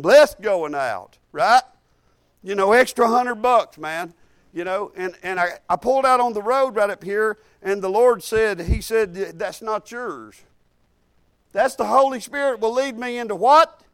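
A middle-aged preacher man with a drawl and a notably high voice tells homespun stories in a loose, repetitive way. His delivery climbs into emphatic, rhythmic cadences when he quotes scripture. The sound is dry and close, with no room around it. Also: clear, resonant tone, dry recording. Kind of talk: informal sermon with personal stories.

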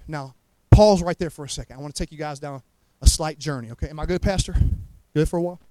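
A man's voice: fairly high pitch, quick pace, mellow, dry recording, poor audio. A man with a Southern accent, preaching a fervent sermon as a guest preacher, often stumbling over repeated words and asking the congregation if they hear him. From Montgomery, Alabama. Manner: fervent, repeats words, asks the crowd to agree.

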